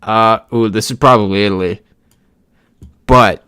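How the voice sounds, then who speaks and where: A man's voice: fairly low pitch, steady tone, normal speed, sharp tone, smooth, no room sound, studio quality. A young American man chatting casually on a live stream, reading out chat messages as he plays. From United States.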